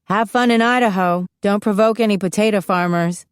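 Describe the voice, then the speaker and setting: A woman's voice: medium pitch, fairly quick, clear, resonant tone, dry recording, clean studio sound, natural voice. A woman voicing an easygoing, teasing teenage boy in an audiobook, speaking in a casual, friendly way.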